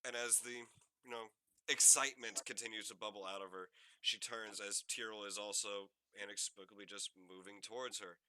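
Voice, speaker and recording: A man's voice: on the low side, fairly even intonation, fairly quick, sharp tone, dry recording. A man running a tabletop game as game master, narrating loosely with many fillers. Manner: meandering, many "like" fillers, descriptive.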